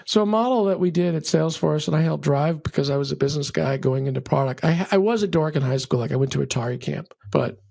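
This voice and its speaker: A middle-aged man speaks as a guest on an interview show, laying out his views with a gravelly edge to his voice. The sound is dry and close, with no room around it. He is opinionated and drifts into ranting. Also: on the high side, fast, few pauses, dry recording. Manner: animated storyteller, acts out quotes, ranty. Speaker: venture capital partner, guest. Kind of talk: conversational interview, opinionated explaining.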